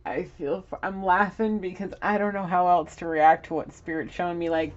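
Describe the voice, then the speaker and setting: A woman's voice: on the low side, steady tone, normal speed, few pauses, dull audio. A woman giving a casual spiritual card reading at home, rambling and laughing often as she talks to her viewers. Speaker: tarot reader. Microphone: camera.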